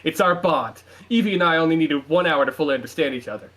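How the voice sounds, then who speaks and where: Guy reading hyped young trainer, loyal, shouting commands, kinda high. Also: fast, close to an everyday voice. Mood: earnest. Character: excitable young male trainer, fiercely loyal.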